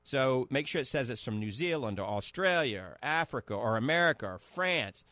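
A man hosting a radio health show, pitching products and repeating prices and names. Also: lively intonation, brisk, bright, forceful tone, dry recording.

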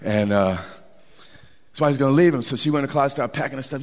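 Animated male preacher in a reverberant hall. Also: mid-range voice, fairly quick, pauses often. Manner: animated, repeats words for emphasis, folksy colloquial phrasing. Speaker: pastor. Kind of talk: sermon. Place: church sanctuary.

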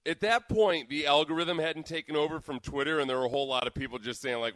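A man's voice: on the high side, fast talker, few pauses, a bit bright, no room sound. A man co-hosting a radio talk show, giving wry, opinionated takes in casual banter. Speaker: radio co-host.

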